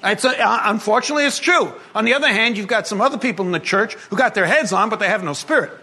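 Guy preaching a sermon, really high voice, jokey and animated, goes loud then hushed. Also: quick pace, husky. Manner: animated and humorous, shifting between emphatic and hushed. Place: congregation gathering.

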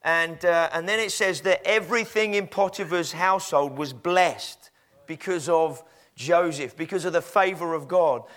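High-voiced preacher. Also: male voice, moderate pace, fairly bright tone. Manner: conversational storytelling, with fillers. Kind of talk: sermon.

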